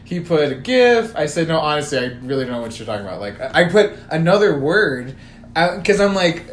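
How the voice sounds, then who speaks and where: A man's voice: a little high, big pitch swings, a little fast. A young man, a podcast co-host, casually telling a story with lots of swearing and quoted text messages. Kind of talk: casual chat. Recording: roomy echo, faint room noise.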